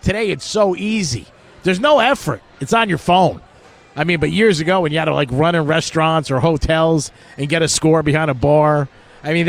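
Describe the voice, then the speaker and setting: A middle-aged man hosting sports betting talk radio, chatty and joking as he tells stories. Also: fairly high pitch. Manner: chatty storytelling with jokes.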